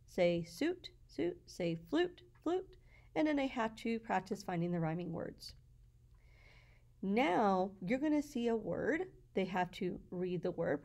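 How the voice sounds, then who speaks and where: A woman teacher walking through her classroom slides in a patient, explanatory way, sounding out words slowly. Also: medium pitch, darkish tone.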